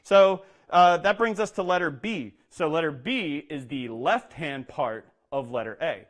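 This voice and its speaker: A man's voice: on the high side, lively intonation, measured pace. A man who is a percussion instructor, explaining drum exercises step by step and often checking in with "okay?". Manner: explains step by step, says "okay?" often, speaks rudiment names in a rhythm. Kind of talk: instructional talk with demonstration.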